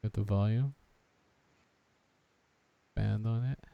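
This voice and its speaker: A man from Canada hosting a casual podcast chat, reacting to clips in a crude, profane and animated way. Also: lowish voice, takes it slowly, gravelly, dull audio. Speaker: podcast host.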